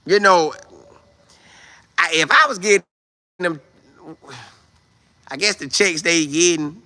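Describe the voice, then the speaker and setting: Man, stream host, casual sports chat, animated, slangy, slightly high voice, tense bright tone. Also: measured pace, pauses often. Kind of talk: casual sports chat, reading viewer comments.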